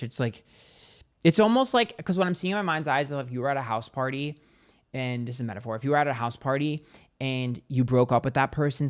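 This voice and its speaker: A man's voice: medium pitch, clean tone. Chatty, profane male tarot reader. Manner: chatty and profane, acts out little scenes. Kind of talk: casual tarot reading to camera.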